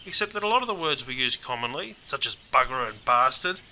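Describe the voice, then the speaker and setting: A man's voice: mid-range voice, lively intonation, quick pace, bright, forceful tone, slight background noise. A man with an Australian accent explaining local slang in wry, scripted narration, peppering every sentence with "mate". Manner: laconic, wry, keeps saying mate. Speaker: Aussie English presenter.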